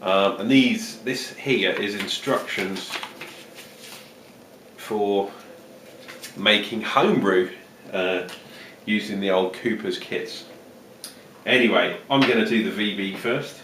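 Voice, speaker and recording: A man's voice: on the low side, slow, fairly bright tone, slight background noise. A man talking in a put-on Australian accent, chatting casually and jokily through a beer review with plenty of fillers. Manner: chatty, jokey, rambling with fillers. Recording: roomy, distant home-video sound.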